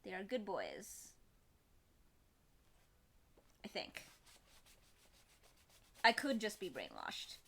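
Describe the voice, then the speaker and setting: A young woman streaming live, chatting in a rambling, expressive way to her viewers. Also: mid-range voice, takes it slowly, vocal fry, husky. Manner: chatty, rambling and expressive, with laughs and quoted voices. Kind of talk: casual live-stream chat.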